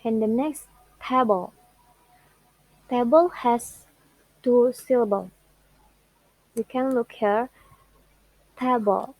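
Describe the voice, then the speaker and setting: A young woman, a student whose first language is Indonesian, presenting what she learned about English word stress in a careful, halting way and drawing out example words. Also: fairly high pitch, darkish tone, dry recording, poor audio. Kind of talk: classroom presentation.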